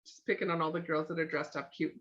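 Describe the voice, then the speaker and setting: Bright-voiced woman coaching a group. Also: deep voice, level tone, quick pace. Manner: chatty, encouraging, acts out little scenes. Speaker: sales team trainer. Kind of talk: live motivational coaching talk. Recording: muffled lo-fi room sound.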